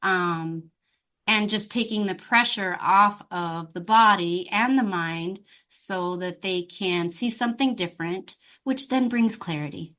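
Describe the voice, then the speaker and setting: A woman guest on a podcast interview, a life coach who talks in an open, expressive and bubbly way. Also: medium pitch, measured pace.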